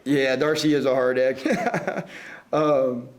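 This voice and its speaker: A man on a discussion panel, retelling a story and reading passages aloud with animated delivery. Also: medium pitch, slow. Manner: animated, chuckling between readings.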